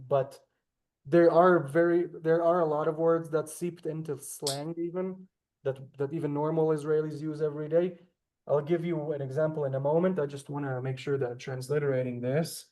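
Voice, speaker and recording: A man's voice: fairly high pitch, steady tone, moderate pace, dark tone. Talkative, courteous man teaching a class. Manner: talkative and courteous, apologizes and says ma'am. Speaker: Hebrew teacher. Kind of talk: online class lecture. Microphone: video call.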